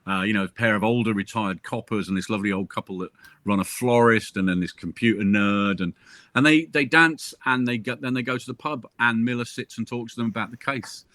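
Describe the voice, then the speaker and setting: A lower-pitched man talks with a bright, forceful edge, joking and spinning anecdotes about his writing. He speaks over a video call, and the sound is dry, with almost no room around it. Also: brisk, no room sound. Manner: jokey, chatty storyteller. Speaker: crime novelist discussing his book. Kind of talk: casual video-call chat.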